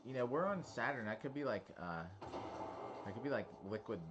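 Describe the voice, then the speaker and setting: A man's voice: mid-range voice, animated, fairly quick, muffled recording, noisy background. A man chatting casually while streaming a video game, rambling and answering viewers' questions. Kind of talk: casual gameplay chat.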